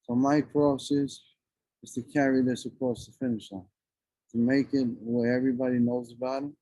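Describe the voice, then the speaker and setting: A man's voice: medium pitch, flat delivery, moderate pace, warm tone, dry recording, low-quality recording. A man in his forties, a guest talking outdoors with blunt, profane passion. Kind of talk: emotional casual conversation. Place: outdoors among trees and birds.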